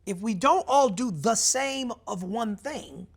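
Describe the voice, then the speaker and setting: A man with a gravelly, creaky voice in an easy back-and-forth. He jokes and teases good-naturedly while keeping the chat candid. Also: very high voice, animated, takes it slowly. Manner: playful, joking, teasing. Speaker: actor in conversation. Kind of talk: candid conversation.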